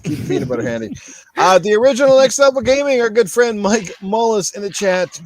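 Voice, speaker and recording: A man's voice: high voice, animated, brisk. A man hosting a casual gaming podcast in an easygoing way, reading out chat comments. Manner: easygoing, reads chat aloud. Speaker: podcast host.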